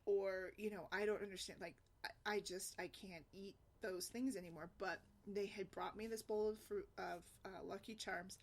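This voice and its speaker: A woman's voice: mid-range voice, fairly even intonation, moderate pace. A woman blogger casually telling a personal family story, rambling with fillers and frequent laughter. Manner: chatty, rambling, laughs often, many fillers. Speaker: single mom blogger.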